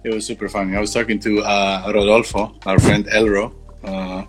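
A man's voice: lowish voice, flat delivery, moderate pace, faint music behind. A man co-hosting a casual podcast, joking and rambling with lots of fillers and swearing. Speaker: podcast co-host. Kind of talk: casual chat.

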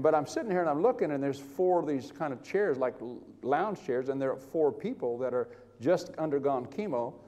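An older man preaching, telling a personal story with animated, chuckling delivery and acting out the voices of others in his account. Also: medium pitch, long reverb tail. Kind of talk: sermon testimony.

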